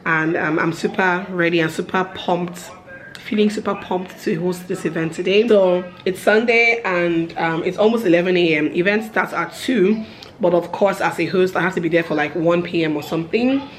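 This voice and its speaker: A woman's voice: lowish voice, moderate pace. Chatty woman in her thirties. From Nigeria. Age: 30s. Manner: chatty, upbeat, lots of fillers. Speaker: vlogger. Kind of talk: casual vlog chat.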